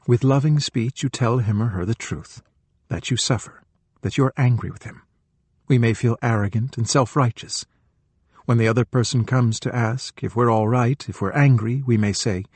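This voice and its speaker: A middle-aged man reading a spiritual book aloud as an audiobook narrator, in a gentle, measured way. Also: mid-range voice, husky, no echo.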